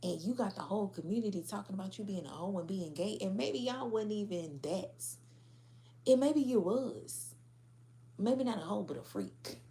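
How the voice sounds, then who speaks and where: A woman's voice: mid-range voice, expressive, moderate pace, dark tone. Profane, laughing woman tarot reader. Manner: blunt, profane, laughing, slangy. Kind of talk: casual tarot reading to viewers.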